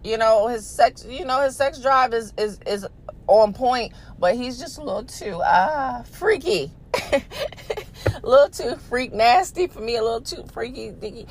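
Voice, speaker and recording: This podcast host's voice sits on the high side, and she keeps a measured pace while telling her story. She talks to listeners directly as "y'all," staying blunt, casual and profane, animated and laughing often.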